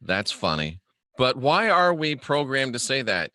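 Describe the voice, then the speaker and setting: Guy rambling and cracking jokes on a live stream, bright tone, dry close sound. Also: mid-range voice, big pitch swings, a little slow, dry recording. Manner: rambling and joking, answering viewer comments. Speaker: host. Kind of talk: casual livestream monologue.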